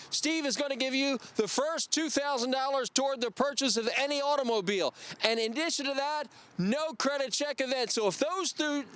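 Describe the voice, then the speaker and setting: A man hosting a car commercial, booming like an announcer as he talks to the ladies and gentlemen watching. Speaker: commercial host. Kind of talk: broadcast sales pitch.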